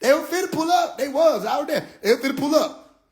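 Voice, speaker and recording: Ranting casually from his phone, this fairly quick-talking livestream host has a high-pitched voice and swears constantly with lively energy. He keeps switching to a low register to mock other people through impressions.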